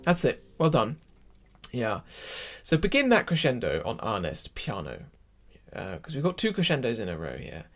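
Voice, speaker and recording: A man's voice: medium pitch, wildly swooping pitch, moderate pace, faint music behind. A man leading an online choir rehearsal, explaining German pronunciation and musical phrasing and counting the singers in. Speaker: choir leader.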